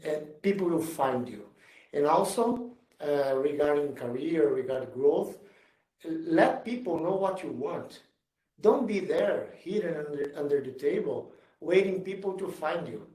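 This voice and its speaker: Guy giving a pep talk, kinda high voice, echoey room. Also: expressive, unhurried, dark tone. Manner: earnest, emphatic, repeats himself in non-native English. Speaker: executive speaker. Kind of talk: motivational talk and Q&A. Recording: roomy sound from far off the mic.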